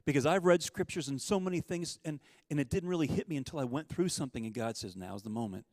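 A man's voice: fairly high pitch, lively intonation, fast, darkish tone, no echo. A man giving a conversational sermon as a guest speaker at a church service. He tells stories and asks his listeners questions.

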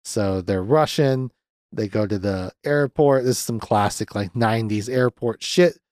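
A man's voice: lowish voice, a little slow, a little mellow, dry recording, studio quality. A young man hosting a podcast, recapping a film in a casual, sardonic way, swearing freely with lots of fillers. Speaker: podcast host reviewing a movie.

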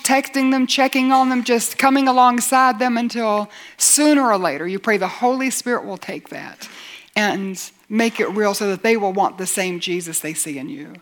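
A woman Bible teacher with a medium-pitched, earnest voice gives a sermon, asking rhetorical questions and rising to emphatic points.

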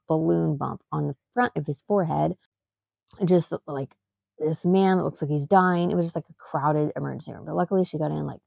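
A woman's voice: sits low, gravelly, warm tone, no room sound, clean studio sound. A woman and mother hosting a podcast, telling a story in a rambling, emphatic way, full of fillers and restarts. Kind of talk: casual storytelling.

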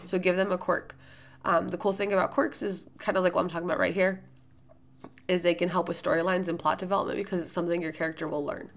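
A loud-voiced woman hosting a podcast, giving writing tips in casual, rambling solo talk with plenty of fillers and restarts. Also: fairly low pitch, little pitch movement, quick pace.

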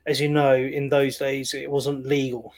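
A man's voice: medium pitch, completely flat delivery, measured pace, darkish tone. A man co-hosting a casual film chat, rambling with lots of fillers. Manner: rambling, many fillers like "you know", laughs easily.

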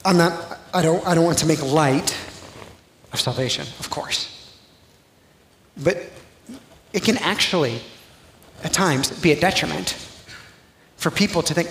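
A man with a fairly high voice preaches a sermon, talking to the congregation like a friend and then building to loud, pressing emphasis. He is recorded live in a large, echoey church with a faint hiss underneath. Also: unhurried, long pauses. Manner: conversational preaching, rising to near-shouting emphasis. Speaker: pastor.

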